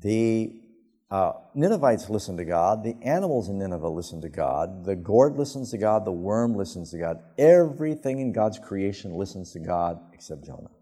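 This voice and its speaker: A male pastor preaching a sermon, telling the story emphatically and with sudden rises in pitch. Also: big pitch swings, normal speed, dark tone, husky. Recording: long hall reverb.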